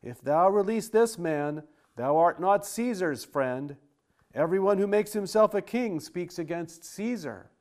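A man reading the lines of an angry crowd of accusers, loud and insistent. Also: sits high, expressive, a little slow, pitched above the performer's own voice.

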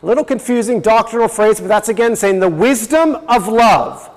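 High-voiced man teaching in a hall. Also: animated, normal speed. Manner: explaining, reads passages aloud, chuckles. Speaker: presenter. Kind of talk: religious teaching talk.

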